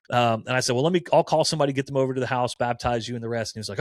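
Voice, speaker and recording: A man's voice: medium pitch, fast, no room sound, studio quality. A man in his forties, a campus minister, telling stories in casual conversation and acting out the quoted dialogue. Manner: animated storyteller who acts out quoted dialogue.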